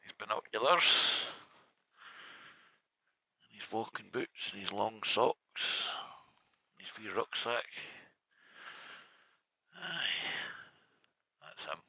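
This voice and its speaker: Chatty Scottish man with a bright voice. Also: lowish voice, animated, slow pace, gravelly, long pauses, husky, no echo, poor audio. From Scotland. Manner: chatty, muttering asides to himself. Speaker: motorcycle vlogger. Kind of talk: casual rambling travel commentary. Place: outdoors by a loch, partly on a motorbike.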